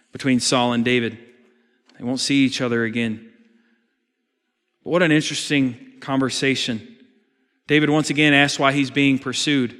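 A man's voice: mid-range voice, fairly bright tone. A man preaching a sermon, reading scripture aloud and retelling the story with dramatic emphasis. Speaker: pastor. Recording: long reverb of a large hall.

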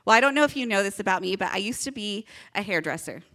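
A woman's voice: medium pitch, expressive, quick pace, fairly bright tone. A young woman pastor giving a chatty, upbeat children's sermon to a congregation and leading call-and-response.

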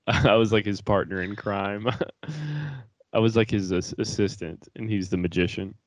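Deep-voiced young man rambling casually. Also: unhurried, no room sound. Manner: rambling, laughs often, swears. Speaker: podcast co-host. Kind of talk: casual chat.

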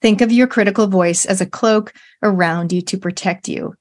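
A woman's voice: medium pitch, normal speed, darkish tone. A woman hosting a radio interview, affirming her guest with enthusiasm and summing up her points. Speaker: radio show host. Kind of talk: casual interview talk.

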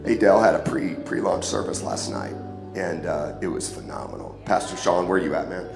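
A man preaching a casual, joking sermon in church, hoarse and sniffling from a cold, often calling for an amen. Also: sits low, normal speed. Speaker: guest preacher. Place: church sanctuary. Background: music.

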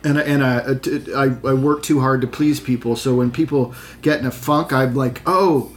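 A man's voice: mid-range voice, level tone, normal speed, soft background music. A man who works as an actor, chatting casually and candidly on a video call, self-deprecating and full of restarts. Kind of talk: casual chat.

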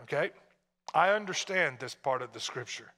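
A pastor from Tennessee preaching a sermon in a conversational way, full of rhetorical questions to the congregation. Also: male voice, on the high side, expressive, moderate pace, pushed and bright, long reverb tail.

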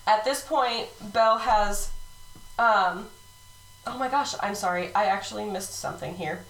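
A woman's voice: mid-range voice, a little slow, a bit bright. A woman co-hosting a casual true-crime podcast, giggling often and losing her place in her notes. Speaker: podcast co-host. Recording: roomy, distant mic.

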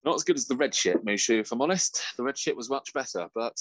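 A man's voice: medium pitch, expressive, fast, a little hiss or hum. A man co-hosting a casual podcast chat, laughing often, swearing freely and slipping into mock voices. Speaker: podcast co-host.

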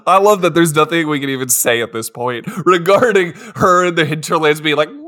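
A man co-hosting a podcast, joking loudly, laughing often and acting out silly voices. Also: fairly high pitch, brisk. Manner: animated, laughs a lot, does silly voices. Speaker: podcast co-host. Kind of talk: casual comedic chat.

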